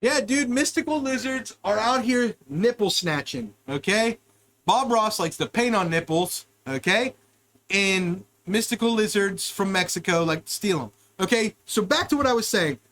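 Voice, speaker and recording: Rambling and crude, the comic storytelling comes from a podcast host in the United States whose high, fairly bright voice is expressive and moves at a normal speed. He hops from one wild tangent to the next.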